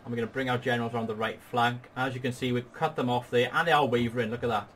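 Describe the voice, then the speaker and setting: A man guides a partner through a strategy game battle, explaining each move in a patient, upbeat tone. His pitch sits in a middle range for a man. A faint hiss runs underneath his voice. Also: steady tone, very fast, fairly bright tone. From Wales. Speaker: gaming channel host. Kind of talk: strategy game tutorial commentary.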